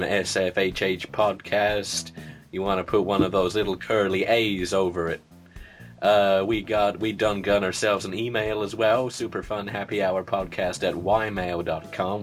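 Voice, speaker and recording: A man voicing a folksy, slow-witted hillbilly man with a slow rural drawl, reading a podcast outro. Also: on the low side, natural voice.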